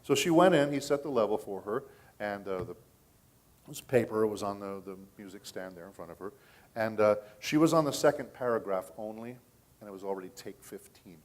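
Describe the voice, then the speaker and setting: In a slightly low, somewhat mellow voice, a middle-aged man tells stories at a voice acting convention panel in a loose, chatty way. As he explains how the work is done, he keeps pausing to ask the audience "okay?" during this casual panel talk.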